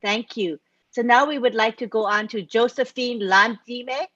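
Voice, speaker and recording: Female webinar host, fairly high voice, dry and dull call audio. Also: unhurried, a bit bright, no echo. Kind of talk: hosting a webinar. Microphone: video call.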